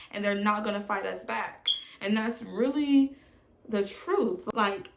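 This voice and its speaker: A woman in her thirties, a mom vlogger, talking candidly and emotionally to camera from home, calling her viewers y'all. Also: fairly high pitch. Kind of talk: candid confessional chat to camera. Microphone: phone on tripod. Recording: echoey room.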